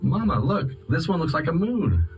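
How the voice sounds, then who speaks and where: A man's voice: a little high, wildly swooping pitch, normal speed, darkish tone, faint music behind, voice pushed up, poor audio. A man voicing an eager, demanding four-year-old girl in a tabletop game. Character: excited bossy little girl, four years old.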